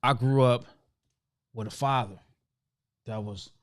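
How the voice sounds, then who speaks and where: A man's voice: mid-range voice, slow, dry recording, studio quality. A man on a podcast, answering a question reflectively and leaning on a lot of fillers. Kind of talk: casual interview answer.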